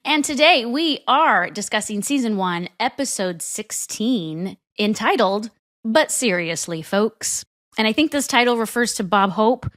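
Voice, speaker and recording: A woman's voice: on the high side, animated, measured pace, a bit bright, dry recording, studio quality. Chatty woman in her forties, laughing. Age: 40s. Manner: laughs often, chatty and playful. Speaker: podcast co-host. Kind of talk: casual chat.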